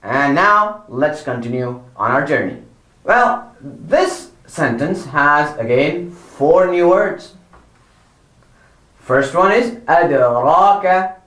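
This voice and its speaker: A man with a fairly high voice gives a slow, patient lesson for children, stretching out each word so they can copy it. He corrects mistakes again and again and cheers them on. The sound carries an echo from the room. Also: lively intonation, fairly bright tone. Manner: drawn-out model words, repeated corrections, encouraging praise. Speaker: Quran recitation teacher.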